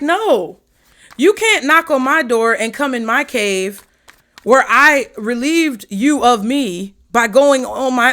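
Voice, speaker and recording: A woman giving a casual tarot reading to camera, talking in a blunt, profane and animated way. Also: sits high. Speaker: tarot reader.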